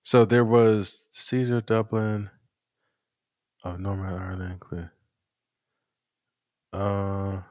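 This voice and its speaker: A man's voice: lowish voice, little pitch movement, takes it slowly, long pauses, a little mellow, no room sound, studio quality. A man from Philadelphia co-hosting a podcast, chatting about a film in a laid-back, hesitant way. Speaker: podcast co-host. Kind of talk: casual film review chat.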